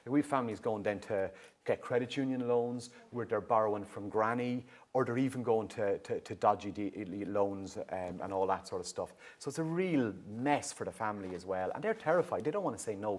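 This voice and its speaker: A middle-aged Irish man working in youth drug and alcohol services gives a public awareness talk, explaining in a lively way and often checking in with the audience. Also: on the low side.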